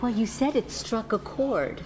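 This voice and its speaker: A woman's voice: a little high, lively intonation, measured pace, crowd noise. An older woman acting a hopeful friend smitten with a new man, eager and gushing, in a TV drama.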